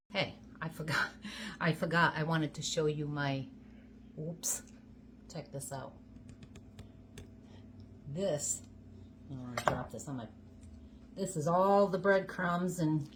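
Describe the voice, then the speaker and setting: A woman's voice: low-pitched, a little hiss or hum. A woman from Georgia, chatting folksily to her viewers in her home kitchen. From Georgia, USA. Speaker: home cooking vlogger. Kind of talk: casual chatty cooking video.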